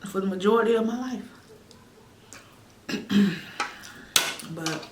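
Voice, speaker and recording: Slow-talking woman mukbang host. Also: medium pitch. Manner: slow, chatty, folksy, calls viewers neighbor and y'all. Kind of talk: casual chat to camera while eating. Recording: echoey room, faint noise.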